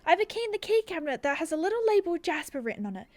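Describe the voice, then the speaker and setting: A woman reading as a cheerful young stable keeper from a horse game. Her voice rides high and bright, the lines rattled off quickly and brightly. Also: sing-song. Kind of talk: reading game quest dialogue aloud.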